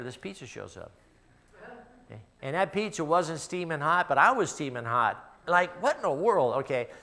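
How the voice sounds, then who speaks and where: A middle-aged pastor with a Midwestern American accent preaches in a church sanctuary, his voice sitting on the high side. He tells stories conversationally and drops to a hush for personal moments.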